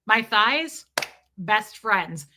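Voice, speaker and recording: A woman's voice: medium pitch, lively intonation, very slow, background noise. A woman hosting a livestream, chatting casually and reading viewer comments, with brash, crude joking. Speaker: livestream host.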